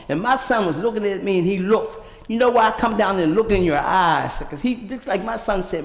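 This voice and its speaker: A woman's voice: medium pitch, expressive, fairly quick, few pauses, long reverb tail. An older woman giving an emotional public comment at a city council meeting, telling a personal story. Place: council chamber.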